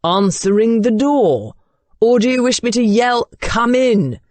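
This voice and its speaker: A woman voicing a gruff young male duke with a grumbly, curt and disdainful manner, in an audiobook. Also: fairly high pitch, expressive, unhurried, a little mellow, dry recording, voice pushed up.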